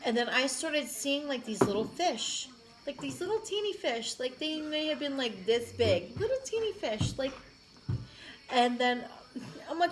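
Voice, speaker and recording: A woman in her thirties talks over a faint background hum on a home vlog. Her voice sits high, and her stories wander, full of filler words. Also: very animated, unhurried, poor audio. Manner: chatty storyteller, many "like" fillers. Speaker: vlog co-host. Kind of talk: casual chat.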